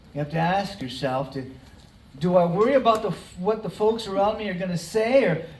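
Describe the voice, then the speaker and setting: A pastor giving a conversational, story-driven sermon with dramatic pauses. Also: medium pitch, darkish tone, a little hiss or hum. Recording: roomy hall, mic at a distance.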